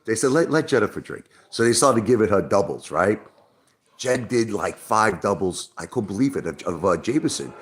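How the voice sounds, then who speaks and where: A man's voice: on the low side, lively intonation, normal speed. A middle-aged man from Brooklyn, rambling and swearing in a casual livestream chat, repeating himself as he talks. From Brooklyn, New York. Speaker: livestream host.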